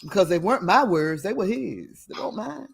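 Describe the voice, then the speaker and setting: A woman hosting her own livestream, talking straight to her viewers into a home webcam. She sounds emphatic and a bit preachy, and laughs often between her points. Her voice sits at an average pitch. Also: animated, fairly quick, vocal fry, slightly rough, faint music behind. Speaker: livestream host. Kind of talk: casual livestream talk to viewers.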